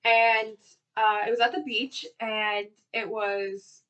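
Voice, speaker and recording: A young woman with a Southern US accent, co-hosting a casual vlog and telling stories in an animated way, with lots of "like". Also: fairly high pitch, takes it slowly, dull audio. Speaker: co-host. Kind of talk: casual chat.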